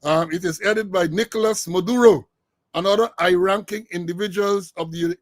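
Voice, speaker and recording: A man's voice: high voice, steady tone, normal speed, no echo. An older man with a Caribbean English accent hosting an online talk show, joking and laughing as he tells a long story. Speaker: host. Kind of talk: casual commentary.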